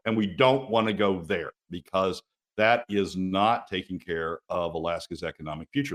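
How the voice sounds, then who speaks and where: A man's voice: low voice, steady tone, brisk, bright, forceful tone. A man speaking as a regular guest commentator on a radio talk show, emphatic and exasperated, often restarting his sentences.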